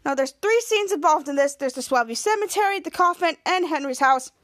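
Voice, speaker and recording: A woman hosts a podcast, retelling a TV episode scene by scene in a halting, rambling way full of restarts. Her voice is very high. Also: lively intonation, a bit bright. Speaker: podcast host.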